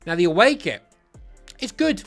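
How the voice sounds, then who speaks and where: A man's voice: high voice, big pitch swings, moderate pace, a bit bright, soft background music. A man giving casual, playful ranking commentary on football kits, giddy and self-mocking, often stuttering and restarting. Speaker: football kit reviewer.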